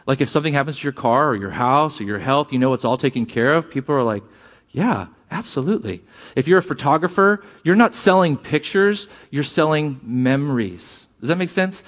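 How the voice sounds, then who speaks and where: A man preaching a sermon, animated and jokey, who acts out quoted lines in a raised voice. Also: fairly high pitch. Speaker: pastor.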